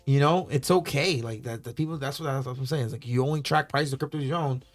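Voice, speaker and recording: A man's voice: mid-range voice, quick pace. A man with a mid-range voice chatting as a podcast co-host. He is earnest and repeats his points as he hands out firm advice. Faint music sits in the background. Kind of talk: casual chat.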